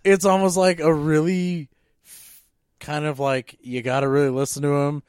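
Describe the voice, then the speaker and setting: Male podcast co-host, slightly high voice, dry close mic, exasperated and animated. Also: normal speed, clean tone, dry recording. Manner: animated, exasperated ranting with frequent fillers. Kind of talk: casual movie-rant chat.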